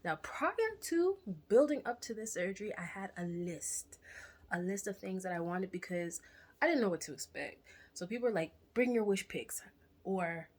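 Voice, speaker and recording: A young woman telling a candid personal story to camera in a chatty, animated way, sometimes dropping to a whisper for asides. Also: on the low side, normal speed. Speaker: vlogger.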